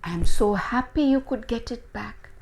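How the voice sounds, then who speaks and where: A woman's voice: on the high side, lively intonation, unhurried, a little mellow, voice pushed up, poor audio. A woman voicing a caring mother in a storybook tale, speaking to her son in a raised, eager voice. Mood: happy. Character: caring mother of a young boy.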